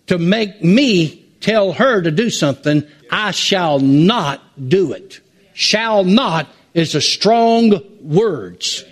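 A man preaching a sermon as pastor, drawing out emphatic phrases with sweeping swings in his voice. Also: high voice.

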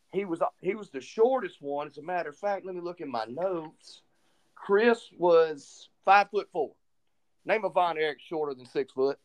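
Casting: male podcast co-host, slightly higher voice, lively storyteller. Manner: animated retelling, acts out quoted dialogue. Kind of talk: casual storytelling chat.

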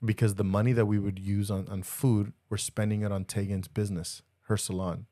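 A man's voice: on the low side, level tone, a little fast, mellow. A man co-hosting a podcast, chatting casually and telling jokey stories with many restarts. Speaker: podcast co-host. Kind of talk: casual chat.

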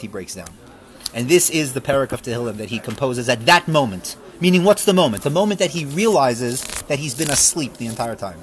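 A man teaching a Torah lesson, reading verses aloud and explaining them with fervent emphasis that falls back to quiet reflection. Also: medium pitch. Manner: reads verses aloud, then translates and explains. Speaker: rabbi teaching a class.

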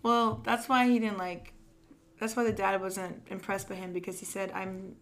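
Bright, giggly young woman podcaster. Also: mid-range voice, little pitch movement, slight background noise. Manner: giggly, quick recaps with acted-out quotes. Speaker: podcast co-host. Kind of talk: casual chat.

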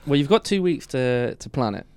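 A man's voice: mid-range voice, animated, a little fast, a little mellow, clean tone, no echo. A man with an English accent co-hosting a local radio sports show, teasing and laughing often in casual banter.

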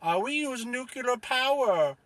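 A man's voice: extremely high pitch, expressive, a little slow, fairly bright tone, slight background noise, pitched above the performer's own voice, exaggerated voice. A man voicing a mock-earnest German character with a put-on German accent, boasting on a comedy panel.

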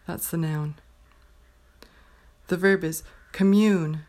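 A woman teaching pronunciation, slowly reading a numbered word list and saying each word twice with careful clarity. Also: fairly low pitch, a little mellow. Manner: says each word twice, clearly and deliberately. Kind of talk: slow dictation of a word list.

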